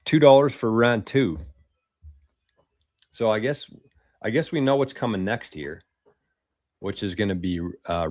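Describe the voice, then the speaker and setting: A man hosting a casual livestream, reading viewer comments aloud in a loose, swearing, chatty way with quick laughs. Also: on the low side, a little mellow, no room sound, studio quality. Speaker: livestream host.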